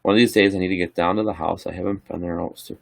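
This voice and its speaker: This middle-aged man races through his words in a low, gravelly voice with fairly even intonation. He's casually chatting on a livestream, rambling and relaxed as he answers viewer questions, captured in a dry, studio-quality recording.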